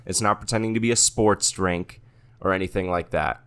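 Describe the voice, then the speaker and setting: A man's voice: low-pitched, moderate pace, a bit bright, clean tone. A young man co-hosting a podcast in casual, joking chat. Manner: joking, bursts into mock-panicked accent bits. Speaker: podcast co-host.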